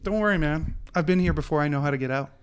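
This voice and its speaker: A man voices an easygoing friend who speaks with calm reassurance. The voice is smooth and clear, a little above his usual pitch. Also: fast, natural voice. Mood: reassuring. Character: calm, reassuring male buddy.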